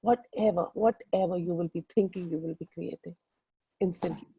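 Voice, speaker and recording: Indian english lady coach on a group call, warm mellow voice, rambly and earnest. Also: lowish voice, moderate pace, breathy edge, rough recording. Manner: earnest, rambling, urging listeners directly. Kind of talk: motivational group call talk.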